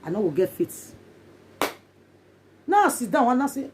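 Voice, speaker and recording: A woman's voice: a little high, big pitch swings, a little fast, long pauses, a little mellow, slight background noise. A woman with a Nigerian accent talking casually to her viewers in a vlog, emphatic and repeating herself often. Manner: emphatic and repetitive, in Pidgin English. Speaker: vlogger.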